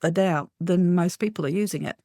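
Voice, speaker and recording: A woman paranormal investigator, telling lively anecdotes as a guest, acting out quotes and laughing often. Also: lowish voice, brisk, no room sound, studio quality. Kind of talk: animated storytelling in an interview.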